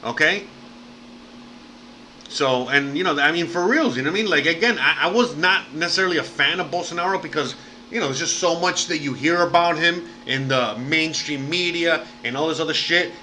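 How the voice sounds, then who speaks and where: A man's voice: fairly high pitch, brisk, pushed and bright, a little hiss or hum, poor audio. A man hosting a livestream, rambling and swearing freely with lots of fillers in casual chat. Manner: rambling and profane, heavy fillers. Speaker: livestream host.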